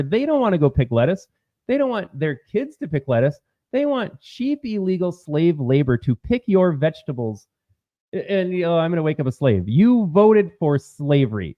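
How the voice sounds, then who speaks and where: A man's voice: a little high, no echo, lo-fi sound. An American man hosting political commentary, heated, mocking and sarcastic. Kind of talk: commentary on clips.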